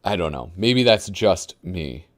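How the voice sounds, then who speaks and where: A male host gives unhurried, rambling commentary on a live show, often trailing off to search for names and chuckling as he goes. His voice is fairly low but lively, rising and falling a lot. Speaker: host of a magazine flip-through show.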